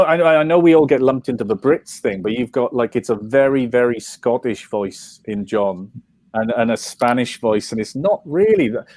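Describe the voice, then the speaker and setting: A man's voice: mid-range voice, a little mellow, no room sound. A Welsh man, a comics writer, talking in an interview, rambling with many restarts and fillers. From Wales. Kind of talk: interview conversation.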